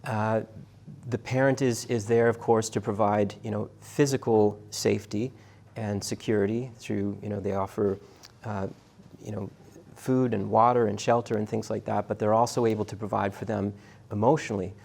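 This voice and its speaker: A middle-aged man lecturing a class, talking in a halting, conversational way with many restarts and fillers and putting questions to his students. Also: on the low side, fairly even intonation, creaky, darkish tone. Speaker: university lecturer.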